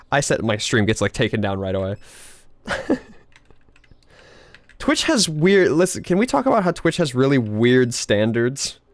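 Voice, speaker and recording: The speaker, a man with a medium-pitched voice and no room sound, streams a video game. He chats casually and rambles, laughs often and swears freely.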